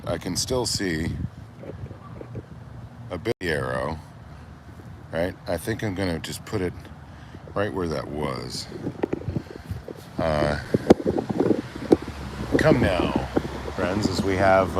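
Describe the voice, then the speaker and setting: A man's voice: low voice, slow, long pauses. A man streaming live while driving, chatting casually and greeting viewers by name. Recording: steady road and vehicle noise.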